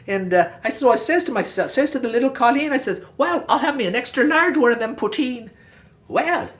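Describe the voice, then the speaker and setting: A woman's voice: on the high side, lightly acted. A woman voicing a boastful old Irish farmer with a put-on Irish accent, spinning a rambling folksy yarn in a comic character monologue.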